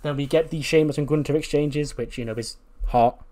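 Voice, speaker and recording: A man's voice: a little high, brisk, warm tone. A man giving casual, rambling, jokey commentary on a game he is playing. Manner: rambling, jokey, slangy storytelling. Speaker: gaming YouTuber. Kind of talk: casual let's-play commentary.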